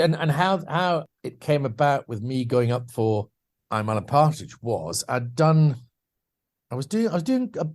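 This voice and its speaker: A man's voice: mid-range voice, a little mellow. A man guesting on a podcast, telling anecdotes about his career in a chatty, self-deprecating way with lots of restarts. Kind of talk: anecdotal interview storytelling.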